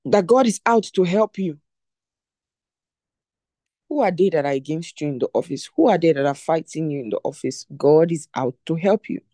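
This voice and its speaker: A mellow, warm-toned teacher giving a devotional talk, dry and close to the mic. The delivery is emphatic, with key phrases said again and again. Rhetorical questions are put straight to the listeners. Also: medium pitch, lively intonation, normal speed, dry recording.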